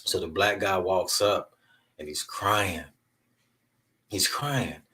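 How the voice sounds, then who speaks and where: Far from the mic, a man hosts his own casual monologue podcast, sharing stories with candor and emphasis. His low-pitched voice moves slowly yet sounds pushed and bright.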